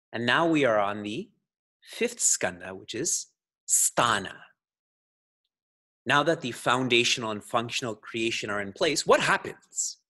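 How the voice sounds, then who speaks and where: A man's voice: mid-range voice, sharp tone, breathy edge. A man, a spiritual teacher, giving a scripture talk to a congregation in a playful way, laughing often and putting questions to his listeners.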